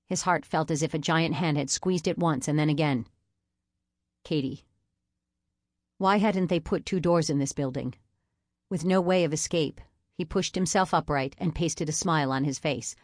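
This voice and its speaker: A woman with a low voice reads a novel aloud in a measured, even manner. Her voice is close and dry, with no room sound at all. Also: no room sound. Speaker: audiobook narrator. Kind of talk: scripted narration.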